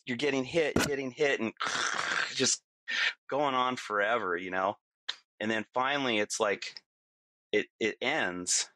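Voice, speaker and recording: A man's voice: medium pitch, no echo. A middle-aged man, a podcast guest, telling a vivid story casually with lots of fillers. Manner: vivid, lots of fillers, acts out his own yelling.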